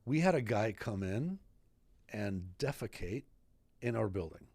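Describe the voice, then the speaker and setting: A retired fire captain in his fifties guests on a casual podcast interview in an Idaho studio, telling stories animatedly and acting out the dialogue. His lowish voice is unhurried, with no room sound.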